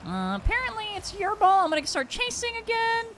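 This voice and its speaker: Young male gamer, high-pitched with very wide swings, giggly teammate banter. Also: a little fast, a little hiss or hum. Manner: giggly, short excited callouts, swearing. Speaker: teammate in a team match. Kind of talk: casual gaming voice chat.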